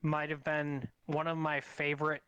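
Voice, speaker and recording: A man's voice: fairly high pitch, completely flat delivery, normal speed, fairly bright tone, clear, resonant tone, no echo, muffled recording. A man in a casual sports podcast chat, emphatic and blunt, swearing to drive his points home. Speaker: podcast co-host.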